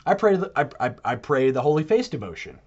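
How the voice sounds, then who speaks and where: A man talking in a casual podcast monologue, animated and putting on mock voices when he quotes others. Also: a little high, fairly quick, highs cut off. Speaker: Catholic podcaster.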